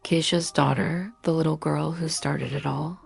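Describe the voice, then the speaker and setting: A woman's voice: deep voice, steady tone, moderate pace, gravelly, breathy edge, soft background music. A woman narrating a scripted dramatic story in punchy short sentences.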